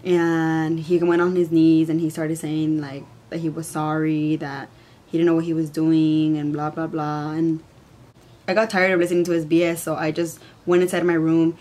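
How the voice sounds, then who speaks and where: A woman's voice: sits low, little pitch movement, moderate pace, dark tone. A young woman telling a story in a rambling way with lots of "like", in casual chat. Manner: rambling, says "like" a lot. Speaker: vlogger.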